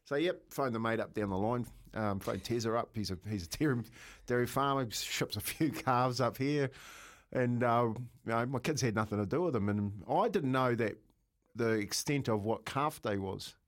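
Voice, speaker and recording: A middle-aged man with a New Zealand accent, telling a lively story in casual radio chat and laughing as he goes. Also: mid-range voice, normal speed. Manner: animated storyteller, laughs often, calls people mate.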